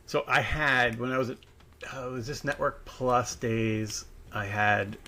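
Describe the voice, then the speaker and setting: A man's voice: mid-range voice, steady tone, measured pace, bright, forceful tone. A man hosting a podcast, telling a work anecdote in casual chat and acting out the quotes. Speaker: podcast host.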